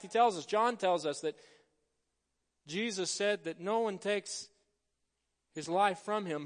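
High-voiced man preaching in a reverberant hall. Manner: earnest preaching, rising to emphatic stresses then dropping soft. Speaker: pastor. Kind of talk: sermon. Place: church sanctuary.

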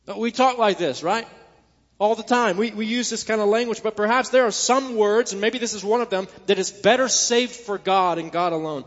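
A man's voice: a little high, normal speed, fairly bright tone, in a large hall, lo-fi sound. A male pastor preaching a sermon, earnest and rising to emphatic peaks.

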